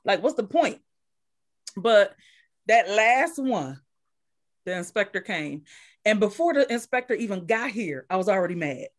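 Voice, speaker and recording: A woman's voice: mid-range voice, expressive, moderate pace. A woman who runs a daycare, casually telling her story as a guest and repeating phrases for emphasis.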